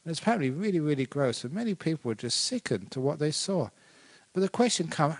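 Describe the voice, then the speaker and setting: A man, a Buddhist monk, giving a dharma talk with animated, conversational storytelling and acted-out quotes. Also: a little high, fast talker.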